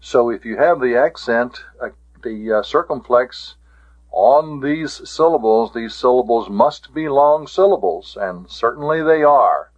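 A man gives a classroom lecture on grammar, working through each point slowly and deliberately. His pitch sits in an ordinary middle range, and he repeats the key terms so they sink in. The recording is dull and lo-fi. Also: expressive. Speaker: Greek teacher.

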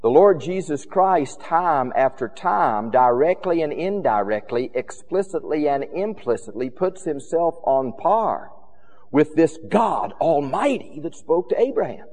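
A man preaching a sermon with emphatic, rhythmic repetition, his loudness rising and falling widely. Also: on the high side, sing-song, unhurried, long reverb tail.

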